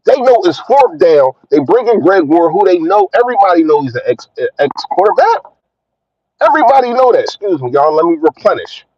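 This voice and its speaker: A man's voice: high voice, big pitch swings, a little fast, dry recording, highs cut off. A man hosting a fan livestream, ranting in a heated, emphatic way and repeating his points. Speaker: fan channel host.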